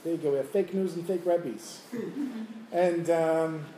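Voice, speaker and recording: A man telling a Hasidic story to a class, lively and chuckling, in a room with listeners. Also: a little high, takes it slowly, a little hiss or hum. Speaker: Torah teacher. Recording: roomy room, faint ambience.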